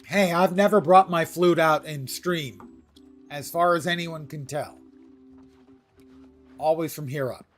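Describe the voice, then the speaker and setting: A man's voice: a little high, a little slow, pauses often, soft background music. A man livestreaming a game, giving casual commentary in a wry, self-deprecating way.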